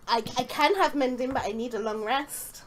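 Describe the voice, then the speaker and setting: A woman's voice: high voice, moderate pace, a little hiss or hum. A woman playing a tabletop game online, chatty and full of questions. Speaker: player. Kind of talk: casual game chat.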